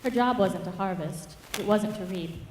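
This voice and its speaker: Woman, mentor, rhythmic expressive poetry reading, public reading, distant mic, echoey church hall. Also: medium pitch, moderate pace, a little hiss or hum. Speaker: writing mentor. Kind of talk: reading her own rhyming fable aloud.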